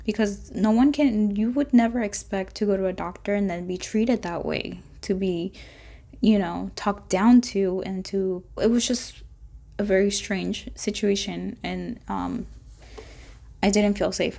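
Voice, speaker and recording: A woman's voice: mid-range voice, a little slow, vocal fry, dark tone. A woman vlogger casually telling a long personal story, rambling and acting out bits of dialogue as she goes.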